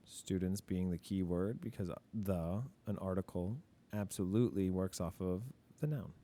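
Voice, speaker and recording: Working through grammar examples in a casual lesson, a male teacher asks and answers his own questions and openly admits his mistakes. His low voice is warm and steady, at a normal speed.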